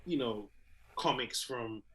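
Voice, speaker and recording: A young comedian co-hosting a podcast, telling animated stories and acting out little scenes as he talks. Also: mid-range voice, slow, rough recording. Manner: animated storyteller, acts out little scenes, laughs readily. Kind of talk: casual chat.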